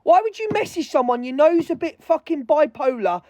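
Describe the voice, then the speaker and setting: A woman's voice: high voice, animated, normal speed, warm tone, no echo. A woman streaming live, furiously ranting with heavy swearing and calling out other creators. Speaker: livestreamer. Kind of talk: angry livestream rant.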